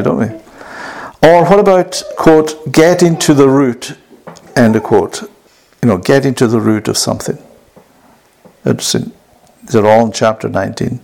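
Man, bible teacher, gravelly voice, chatty sermon style, asks the audience questions. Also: mid-range voice, a little mellow.

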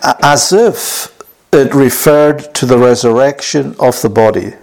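A man's voice: mid-range voice, unhurried, vocal fry, darkish tone. A man teaching a Bible lesson in a conversational way, often asking his listeners questions. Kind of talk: sermon.

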